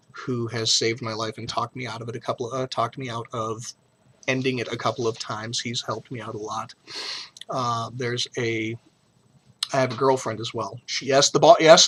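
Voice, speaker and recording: A man's voice: medium pitch, bright, forceful tone, a little hiss or hum. A middle-aged man talking frankly and emotionally in a personal vlog, blunt and profane but earnest. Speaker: vlogger.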